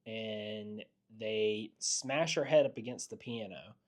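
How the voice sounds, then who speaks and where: A man's voice: fairly low pitch, slow. A man co-hosting a podcast, casually recapping a horror movie scene by scene and mimicking characters as he goes. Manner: animated storyteller, mimics characters in quotes. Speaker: podcast co-host.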